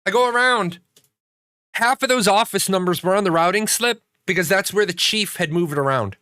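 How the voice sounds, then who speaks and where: A man's voice: sits high, moderate pace, pushed and bright, no echo, clean studio sound. A man hosting a casual livestream, telling rambling stories full of swearing and restarts. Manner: profane, ranting storyteller. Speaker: streamer hosting a game community show.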